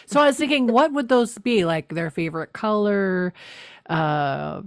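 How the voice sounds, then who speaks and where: A woman co-hosting a podcast who recaps a TV episode in an animated, wry and teasing way. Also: medium pitch, a little slow, no echo, studio quality. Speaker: podcast co-host. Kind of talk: casual chat recapping a TV episode.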